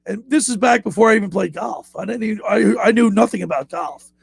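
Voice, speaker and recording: A man hosting a casual radio chat, telling animated stories and shouting out quoted lines. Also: high voice, fast talker, gravelly, slightly rough, dry recording. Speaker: radio show host.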